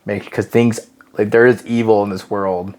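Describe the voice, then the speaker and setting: A man co-hosting a casual faith podcast, telling stories in an animated, slangy way and laughing easily. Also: on the low side, normal speed. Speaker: podcast co-host. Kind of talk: casual religious discussion.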